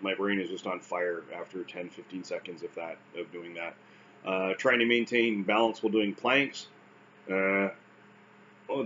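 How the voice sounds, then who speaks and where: A man's voice: mid-range voice, fairly bright tone, lo-fi sound. A man with a Canadian accent talking casually to camera, wry and self-deprecating, with frequent fillers and restarts. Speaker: vlogger recounting stroke recovery.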